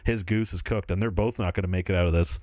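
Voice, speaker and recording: Low-ish guy on a podcast mic, rambly and excited, laughs a lot, dead dry sound. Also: quick pace, dry recording. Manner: enthusiastic, rambling, laughs often. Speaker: podcast co-host. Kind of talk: casual film discussion.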